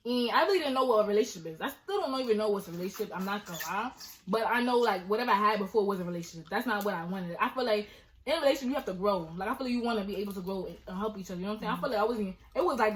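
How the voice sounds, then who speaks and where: A woman's voice: medium pitch, slight background noise, poor audio. A young woman chatting casually with her sister over a meal, emphatic and laughing often. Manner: animated, emphatic, laughs a lot. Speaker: vlog co-host.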